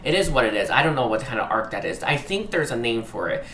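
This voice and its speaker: A man gives a heartfelt tarot reading in a bright, forward voice. He keeps stumbling, hunting for the right word and saying sorry. The sound is roomy and echoey, with a faint hiss underneath. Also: mid-range voice, very animated, fast talker. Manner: hesitant, searching for words, often apologizing; earnest, emotionally moved. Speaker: tarot reader. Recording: roomy echo, faint background noise.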